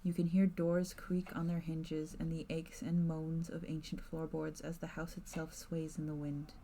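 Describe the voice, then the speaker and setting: A woman streamer reading a spooky game's narration aloud in a measured, softly dramatic way. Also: deep voice, level tone, slight background noise.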